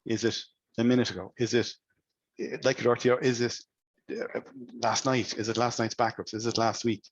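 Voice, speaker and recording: A man's voice: mid-range voice, flat delivery, a little fast, husky, no echo, highs cut off. A man presenting cybersecurity advice to business owners, speaking conversationally and asking many rhetorical questions.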